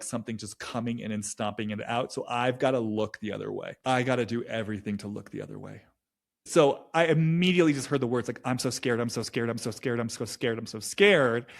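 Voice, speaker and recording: A man giving an intuitive reading in a reflective solo monologue, speaking haltingly and repeating phrases as he searches for words. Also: medium pitch. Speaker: intuitive reader. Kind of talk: reflective solo monologue, channeling a subject's feelings.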